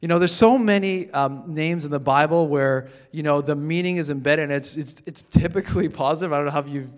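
Man, pastor's sermon, slightly high pitch, conversational, repeats words as he starts sentences, shifts between soft reading and emphatic peaks. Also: a little fast. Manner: swings between quiet reading and emphatic rises.

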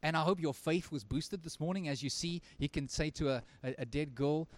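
A male pastor preaching a sermon at a church service, earnest, swinging from emphatic lines to very quiet ones. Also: fairly high pitch, a little fast.

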